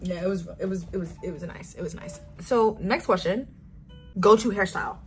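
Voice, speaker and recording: A woman's voice: fairly low pitch, moderate pace, faint music behind. Bubbly chatty young woman vlogging. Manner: chatty and bubbly, drifts off on tangents. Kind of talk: casual get-to-know-me vlog.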